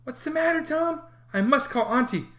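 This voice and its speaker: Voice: animated, measured pace, pushed and bright, reverberant. A reader voicing Sid, an alarmed little boy. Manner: high, pleading, alarmed. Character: anxious younger boy, tattling half-brother. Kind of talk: audiobook character voice.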